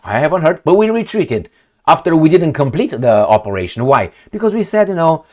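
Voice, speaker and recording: Brisk and sing-song, this man's slightly high voice has a somewhat mellow tone. As host of an opinionated political vlog, he speaks English with a non-native accent and rants through rhetorical questions aimed at the viewer.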